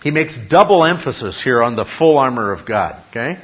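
A man's voice: medium pitch, lively intonation, a little fast. Guy preaching a sermon, keeps repeating his point and asking questions, kinda dull lo-fi sound. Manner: emphatic, repeats key phrases, asks the congregation questions. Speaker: pastor.

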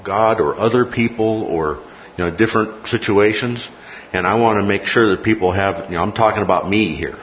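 A man teaching a Bible class in a classroom lecture, often repeating key phrases and checking in with "okay?". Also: fairly low pitch. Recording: muffled recording with faint noise.

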